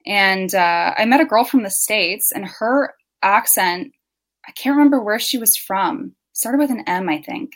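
A woman's voice: mid-range voice, lively intonation, a little slow. Rambling young Canadian woman. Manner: rambling, hesitant with many ums. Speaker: guest. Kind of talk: casual chat.

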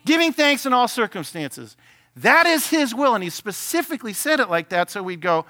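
Male senior pastor, lively conversational sermon, higher bright tone. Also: normal speed. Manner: conversational preaching, acts out prayers and objections; asks the congregation questions.

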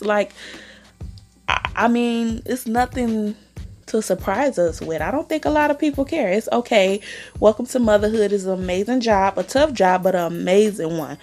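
A woman's voice: medium pitch, animated, normal speed, soft background music. A woman hosting her own podcast, sassy and chatty about celebrity gossip, calling listeners honey and girl. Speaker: podcast host. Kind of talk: casual celebrity gossip chat.

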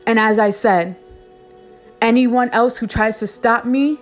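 A woman's voice: fairly high pitch, steady tone, measured pace, soft background music. A woman giving a fervent faith-filled pep talk straight to her viewers, repeating phrases for emphasis. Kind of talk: impassioned faith monologue to viewers.

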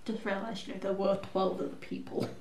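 A woman's voice: medium pitch, little pitch movement, brisk. A woman playing a tabletop game, chatting and asking the game master many questions. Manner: inquisitive, asks many questions. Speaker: player. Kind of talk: casual chat while playing a tabletop game. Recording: echoey room with faint noise.

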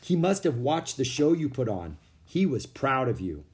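A man's voice: mid-range voice, big pitch swings, normal speed, a little mellow, natural voice. A man voicing a bold, cheerful little girl in a storybook reading, speaking eagerly and kindly.

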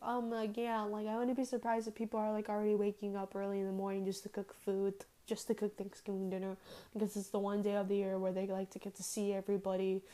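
A woman's voice: mid-range voice, completely flat delivery, fast talker, dark tone. A teenage girl hosting her own podcast, chatting casually and rambling with many fillers. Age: teens. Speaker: podcast host. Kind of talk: casual solo podcast chat.

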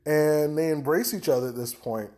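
A man's voice: a little high, normal speed, darkish tone. A man casually retelling a book's plot, rambling with many fillers and restarts. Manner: rambling, hesitant, lots of fillers. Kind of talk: casual book recap.

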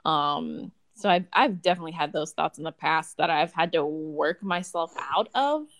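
A woman's voice: sits low, normal speed. A woman in casual conversation, telling personal stories expressively with laughing asides.

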